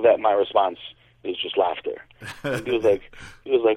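A man's voice: on the low side, quick pace. A man co-hosting a podcast, telling a story in a rambling way with lots of fillers and restarts. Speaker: podcast co-host. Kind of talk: casual storytelling. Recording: phone-like narrow sound.

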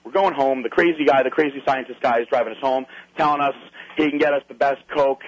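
A man casually telling a wild anecdote, animated and swearing, acting out other people's lines. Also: medium pitch, fast talker, muffled recording.

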